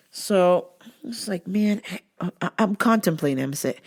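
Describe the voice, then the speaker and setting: A woman hosting a podcast, talking casually to her listeners in a profane, animated rant. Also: fairly low pitch, normal speed. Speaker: podcast host. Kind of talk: casual solo monologue.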